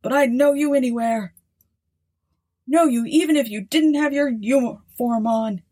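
A woman voicing a tipsy, emotional old man who raises toasts to his dead comrades in a high, trembling voice. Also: unhurried, dark tone. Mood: tearful, merry.

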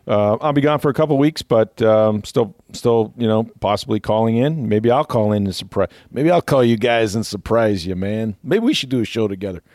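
A man's voice: fairly low pitch, a little mellow, dry recording, clean studio sound. A man hosting a sports podcast, chatting casually and rambling with fillers and easy laughs. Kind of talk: casual chat.

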